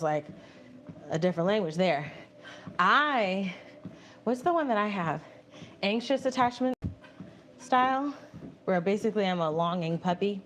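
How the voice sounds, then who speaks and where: Female live-streamer, chatty and expressive, walking while talking, slight background noise. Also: on the low side. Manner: animated, laughing, reads viewer messages aloud and answers them. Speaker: livestream host reading chat. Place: home, indoors on a treadmill.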